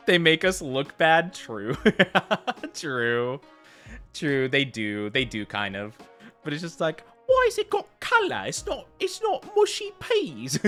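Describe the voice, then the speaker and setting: A man's voice: mid-range voice, pushed and bright. An American man chatting casually while streaming a game, rambling with lots of fillers and tangents. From United States.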